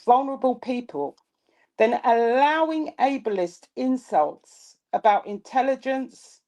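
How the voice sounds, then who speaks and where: A woman co-hosting a live-stream political commentary show, speaking in a measured, pointed way. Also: medium pitch, a little mellow. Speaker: co-host.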